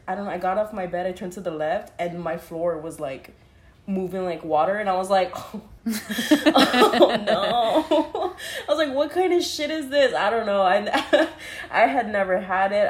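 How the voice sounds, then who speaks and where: A young woman telling a story casually, laughing often, saying "like" constantly and swearing freely. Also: on the low side. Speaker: podcast co-host. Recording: roomy echo.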